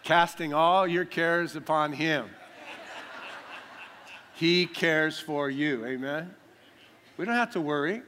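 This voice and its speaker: A man's voice: a little high, takes it slowly, long pauses, sharp tone. A man preaching a sermon, emphatic, repeating key lines and calling for audience responses. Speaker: pastor.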